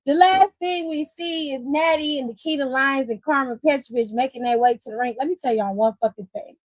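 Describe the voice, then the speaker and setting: A woman's voice: high-pitched, brisk, no room sound, rough recording. A woman hosting a casual wrestling recap, blunt and profane, breaking into laughter and side comments.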